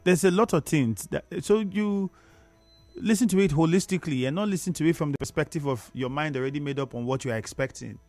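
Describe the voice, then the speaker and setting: Emphatic Nigerian radio host. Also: male voice, on the high side, a little fast, darkish tone, no room sound, soft background music. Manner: lecturing, emphatic, repeats words for emphasis. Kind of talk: radio talk show, reading listener comments. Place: radio studio. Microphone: studio microphone.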